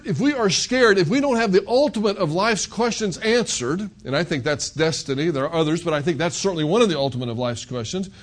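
A pastor delivers a conversational sermon. His voice sits high and moves through a lively, animated range. He presses his points with emphatic rhetorical questions. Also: a little fast, few pauses. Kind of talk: expository sermon.

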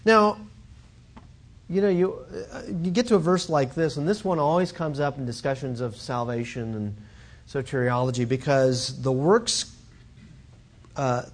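A man who teaches Greek, preaching a sermon and explaining scripture in an animated teaching manner, acting out quoted voices. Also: mid-range voice, a little slow.

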